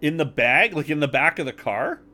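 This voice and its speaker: A man's voice: a little high, expressive, normal speed, sharp tone. Brash, swearing male player. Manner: brash, swearing, stumbling restarts. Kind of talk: casual tabletop play.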